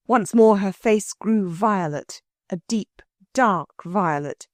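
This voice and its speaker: A woman narrating an audiobook in an expressive storytelling manner. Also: medium pitch, slow pace, dry recording, studio quality. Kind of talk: scripted narration.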